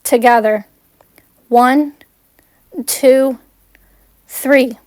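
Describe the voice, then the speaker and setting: An earnest teenage boy wizard, worried and urgent, as a woman reads him. Her fairly high voice stays close and dry, like a home fan audiobook. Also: fairly even intonation, very slow, darkish tone, no room sound.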